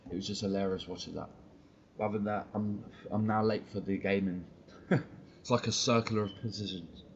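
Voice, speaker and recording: A blunt man ranting on a live stream, swearing and using street slang. His voice sits fairly low. The sound is muffled and lo-fi, with a faint hiss underneath. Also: fairly even intonation, brisk. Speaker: football fan streamer.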